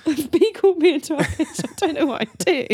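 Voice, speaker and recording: A woman in her thirties co-hosts a podcast, telling stories with lively energy and laughing often during the casual chat. Her voice is high and a little fast, with no echo.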